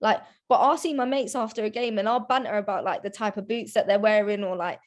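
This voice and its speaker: A woman's voice: medium pitch, fairly even intonation, fast talker. A young woman, chatting casually as a podcast guest, full of restarts and "like" fillers. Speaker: guest, women's football presenter.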